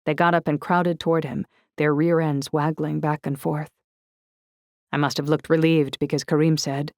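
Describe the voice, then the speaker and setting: A woman narrating an audiobook in the first person, steady and descriptive. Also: sits low, moderate pace, dry recording, clean studio sound.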